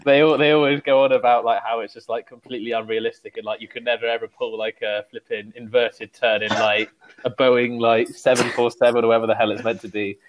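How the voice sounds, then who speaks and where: A man's voice: medium pitch, flat delivery, fast talker, slight background noise. A man hosting a podcast in casual chat, rambling with lots of "like" and teasing his guests. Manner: rambling, heavy use of "like", teasing. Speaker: podcast host.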